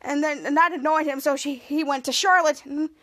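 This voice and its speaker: A woman's voice: sits high, steady tone, fairly quick, a bit bright. A woman hosting a podcast, casually recapping a TV episode in a rambling, self-correcting way with frequent giggles. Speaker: podcast host.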